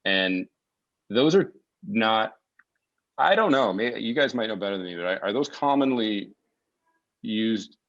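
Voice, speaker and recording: Deep-voiced man, halting and reflective. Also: lively intonation, fairly bright tone, highs cut off. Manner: reflective, searching for words with many restarts. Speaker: podcast guest. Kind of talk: casual conversational interview. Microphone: remote call mic.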